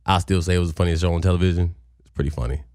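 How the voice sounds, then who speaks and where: A man who acts on a sketch comedy show, in an energetic, slangy casual chat. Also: low voice, very fast, no echo, studio quality.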